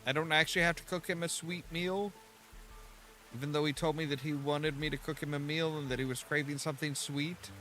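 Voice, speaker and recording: A gameplay streamer comments casually on his own play in a let's-play, thinking out loud and trailing off before starting again. His voice is a little high and sharp in tone, fairly quick, with fairly even intonation. Game music plays faintly behind him.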